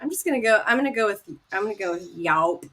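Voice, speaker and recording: A woman co-hosting a casual book discussion podcast, teasing the others with quick reactions and laughter. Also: medium pitch, animated, pushed and bright. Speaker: podcast co-host.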